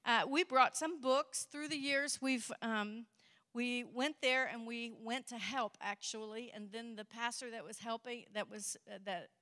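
A woman addresses a church congregation as a visiting missionary. Her voice is bright and sits a little high, and her delivery is upbeat and chatty. The recording has the long, ringing reverb of a church hall. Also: steady tone, a little slow. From Kentucky. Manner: upbeat, chatty, laughs often. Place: church sanctuary.

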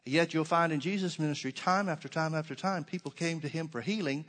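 A man preaching a sermon, reading scripture aloud and swinging between emphatic stresses and soft, quiet asides. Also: fairly high pitch, fairly quick.

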